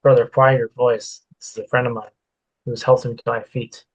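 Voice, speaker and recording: An earnest young vampire who pleads and urges in formal, old-fashioned phrases, read by a man. The delivery stays close to the reader's own flat, unvaried voice. It sounds like a storybook reading. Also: medium pitch, fairly quick, husky, muffled recording, lightly acted. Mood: pleading.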